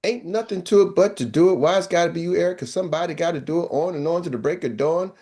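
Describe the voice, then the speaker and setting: A man's voice: fairly high pitch, quick pace, dark tone, slight background noise. An older man coaching salespeople with punchy, chant-like, repeated exhortations. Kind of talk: motivational coaching talk.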